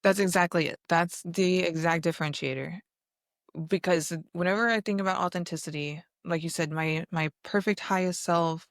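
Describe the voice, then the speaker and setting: A woman's voice: on the low side, dry recording, clean studio sound. A woman co-hosting a podcast, talking earnestly and reflectively in long run-on sentences. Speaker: podcast co-host. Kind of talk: casual chat.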